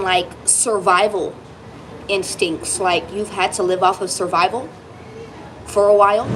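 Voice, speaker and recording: A woman's voice: medium pitch, slight background noise, rough recording. A woman giving a tarot reading straight to her viewer, emphatic and reassuring, swearing casually as she goes. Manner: lively, emphatic, swearing, speaks directly to the viewer. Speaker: tarot reader.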